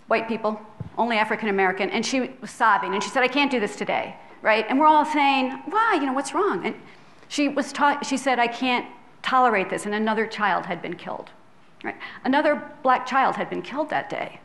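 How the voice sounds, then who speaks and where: In a slightly high, gravelly, somewhat bright voice, a middle-aged woman gives an earnest public health lecture in a filmed hall. She speaks conversationally, uses tag questions to check in with listeners, and is tearful at moments.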